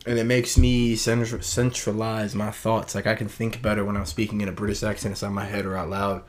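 Low-voiced man rambling earnestly. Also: little pitch movement, brisk, a little hiss or hum. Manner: rambling, earnest, self-correcting. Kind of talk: casual late-night monologue.

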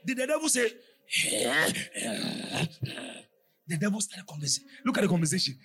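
A man preaching a fervent sermon, often shouting and sliding into a sing-song cadence. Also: high voice, very animated, measured pace, soft background music.

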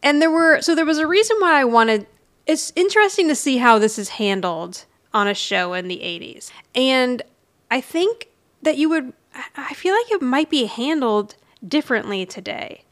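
A woman in her forties, a podcast co-host who chats casually, with quick restarts and little asides. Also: sits high, expressive. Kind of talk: casual chat recapping a sitcom episode.

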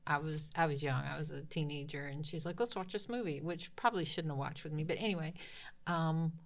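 Middle-aged woman, easygoing podcast co-host, teasing, slightly low voice. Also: a little fast. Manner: playful, teasing, laughs often. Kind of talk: casual chat.

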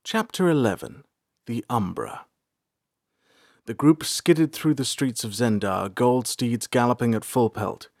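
A man reading a fantasy audiobook aloud in measured storytelling. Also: mid-range voice, vocal fry, a little mellow, no room sound, clean studio sound. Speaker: narrator. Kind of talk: scripted audiobook narration.

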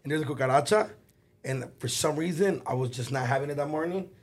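Raspy, gravelly man in slangy banter. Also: fairly high pitch, quick pace. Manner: loose slangy banter, swears freely. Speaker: podcast co-host. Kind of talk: casual chat.

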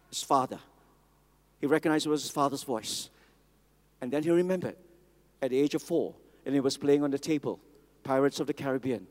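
Man, pastor, sermon, high-pitched voice, emphatic repetition, long hall reverb. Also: lively intonation, brisk, a little mellow. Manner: emphatic, repetitive, calls for congregation response.

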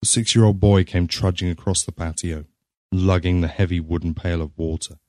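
A man reading a story aloud in a measured, grave narrating manner. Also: deep voice, steady tone, mellow, no echo, clean studio sound.

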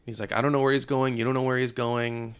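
A man co-hosting a casual film discussion podcast, relaxed and laughing often, quickly acting out lines from the movie. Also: medium pitch, smooth. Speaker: podcast co-host.

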